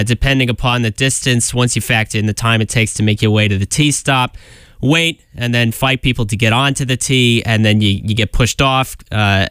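A man's voice: medium pitch, fairly bright tone, clear, resonant tone, dry recording, clean studio sound, close to an everyday voice. A man putting on a thick joking Boston accent. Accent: Boston, put on. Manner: goofy and rambling, full of fillers and restarts. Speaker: college radio DJ. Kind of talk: jokey improvised public service announcement.

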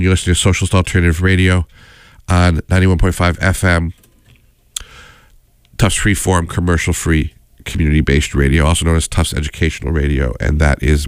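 A deep-voiced man hosts a college radio talk show, wandering off on tangents as he goes, earnest and unscripted. His voice is smooth and clear, caught close on a studio mic in a dry, dead room. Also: no room sound. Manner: rambling, digressive, earnest.

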